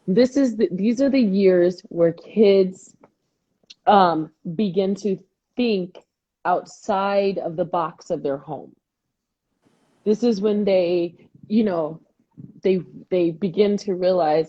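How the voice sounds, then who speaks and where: A woman co-hosting a casual chat show, telling stories in a lively way and acting out the people she quotes. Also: medium pitch, slow. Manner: animated storytelling, acting out quoted dialogue. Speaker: podcast co-host. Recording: dull lo-fi audio.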